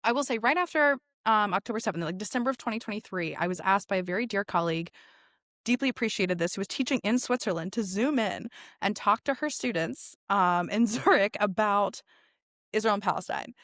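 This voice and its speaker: A woman rabbi talking casually as a podcast guest, animated and sarcastic, with lots of asides and filler words. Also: medium pitch, fairly quick, no echo, studio quality. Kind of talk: casual conversational interview.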